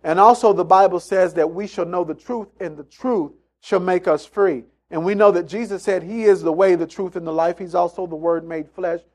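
A man's voice: high-pitched, normal speed, few pauses, a little mellow. A man preaching a sermon, emphatic and repetitive, acting out the voices of people in his stories. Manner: emphatic, repeats phrases, acts out quotes in story.

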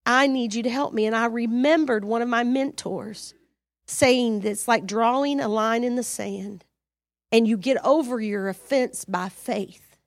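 A woman preaching a sermon, animated and exhorting, acting out her own prayers and conversations with sudden loud rises. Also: on the high side, measured pace, no room sound.

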